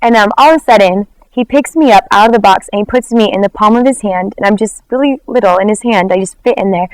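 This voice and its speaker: A woman's voice: medium pitch, fast, poor audio. Woman animatedly telling her testimony. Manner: animated storytelling, acts out quoted dialogue; frequent "like" fillers. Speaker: worship leader. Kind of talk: personal testimony in an interview.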